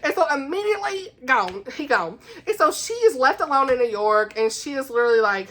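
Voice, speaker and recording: A woman giving a casual, chatty book review at home, animated and laughing, with dramatic asides. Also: high voice, a little fast, hardly any pauses, a little hiss or hum.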